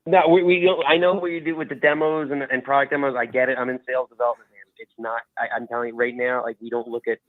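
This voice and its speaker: A man's voice: mid-range voice, level tone, fast talker, no room sound. A man in sales who is hurriedly brushing off a cold caller on the phone. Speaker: salesperson receiving a cold call. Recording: tinny dry phone line.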